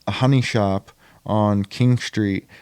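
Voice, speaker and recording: A man's voice: fairly low pitch, steady tone, slow, darkish tone, clear, resonant tone, dry recording, clean studio sound. A young man chatting casually as a podcast guest about acting in indie films, rambling with lots of fillers and restarts. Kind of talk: casual chat.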